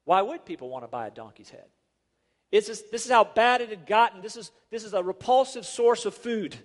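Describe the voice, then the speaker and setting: A man's voice: high voice, lively intonation, a little fast. A man preaching a sermon as a pastor, emphatic and full of rhetorical questions. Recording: long reverb of a large hall.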